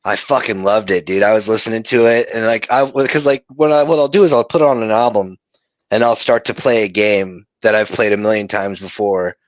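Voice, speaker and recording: A man's voice: fairly low pitch, fairly even intonation, a little fast, dry recording, lo-fi sound. A man co-hosting a music podcast, chatting casually, blunt and swearing freely. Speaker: podcast co-host.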